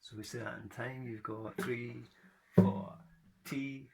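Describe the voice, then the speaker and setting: A man's voice: mid-range voice, steady tone, takes it slowly, creaky, slight background noise. A man from Scotland teaching a guitar rhythm lesson, counting in and chanting rhythm words in time.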